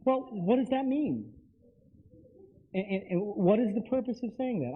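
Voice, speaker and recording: A man's voice: high-pitched, expressive, moderate pace, long pauses. A man giving a live lecture to an audience, talking emphatically and straight to them with repeated phrases. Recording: tinny lo-fi lecture recording.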